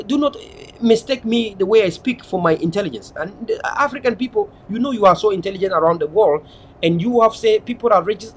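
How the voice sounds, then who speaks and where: A man from Southern Cameroons with a high-sitting voice and a Cameroonian English accent speaks over slight background noise. A political activist, he delivers an impassioned, lecturing monologue full of repetition.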